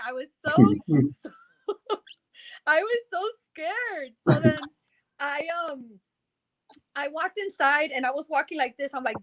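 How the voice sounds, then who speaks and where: With a crowd audible behind her, a woman tells her story in a casual interview in a high, sing-song voice at a moderate pace. She rambles, performs the quoted dialogue, and breaks into laughs between lines.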